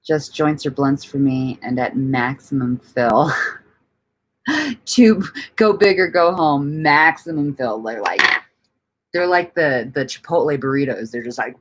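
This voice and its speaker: Low-voiced rambling woman host, lively pitch. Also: slow pace, pauses often. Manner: rambling, laughs often, swears casually. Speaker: livestream host. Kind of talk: casual livestream chat reading comments.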